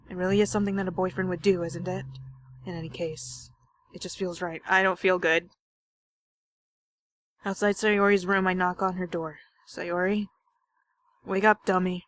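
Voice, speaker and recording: A woman's voice: lowish voice, flat delivery, moderate pace, pauses often, fairly bright tone. A young woman reading a visual novel aloud as a game streamer, with dramatic, jokey and panicky reactions.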